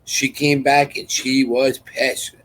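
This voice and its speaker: The man's delivery is flat and slow, his medium-pitched voice fairly bright, captured on a low-quality recording. Hosting a live chat, he rambles and repeats through a story, restarting sentences and acting out others' lines in quoted voices.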